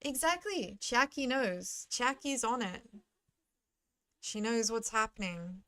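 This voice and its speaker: A woman is streaming a game, chatting casually with viewers and addressing chat between game lines she reads out. Her voice is on the high side and sharp in tone, slow in pace but lively in intonation.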